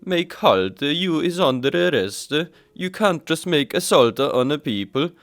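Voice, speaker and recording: A man voicing a prim, rule-loving Sweden countryball with a stiff, halting accent attempt in broken English. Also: mid-range voice, soft background music, natural voice. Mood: stern.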